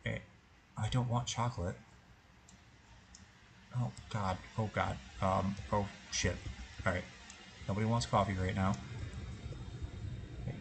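A man's voice: lowish voice, gravelly, a little hiss or hum, poor audio. Man muttering and cursing over gameplay. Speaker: gaming channel host. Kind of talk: gameplay commentary.

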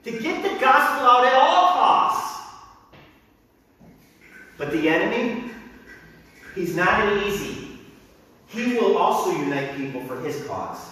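A middle-aged man preaching a sermon as pastor, animated and bursting into shouts when he acts out crowds and drill sergeants. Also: sits high, slow, pauses often. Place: church sanctuary. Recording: echoey hall, mic from a distance.

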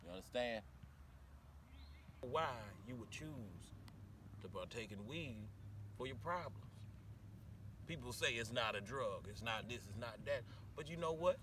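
An actor playing a loud, bossy football coach in a web series, barking orders in folksy slang. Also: male voice, medium pitch, expressive, a little slow, long pauses, far from the mic, background noise, close to an everyday voice. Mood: stern.

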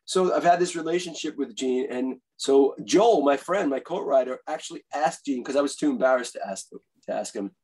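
Husky-voiced New man telling stories. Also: mid-range voice, moderate pace, hardly any pauses, poor audio. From Bronx, New York. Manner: animated, eager storyteller who acts out quotes. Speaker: guest author and musician. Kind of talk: casual interview storytelling.

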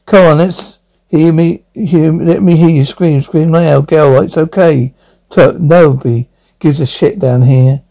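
A man's voice: a little high, fairly even intonation, unhurried, vocal fry, warm tone, rough recording. A man voicing a brutal, threatening male trafficker barking orders in an amateur audio drama. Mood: menacing.

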